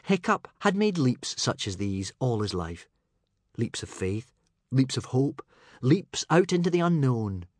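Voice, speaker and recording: Expressive male narrator, husky, dry close sound, lively dramatic delivery. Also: mid-range voice, a little slow, dry recording. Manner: dramatic, dropping to a hush for suspense. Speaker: audiobook narrator.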